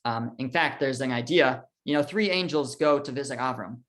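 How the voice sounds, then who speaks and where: A man's voice: mid-range voice, moderate pace. Rabbi guy teaching a text class, chatty, lots of um and you know. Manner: conversational, with fillers, restarts, and lively quoted dialogue. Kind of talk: casual Torah class, reading and explaining verses.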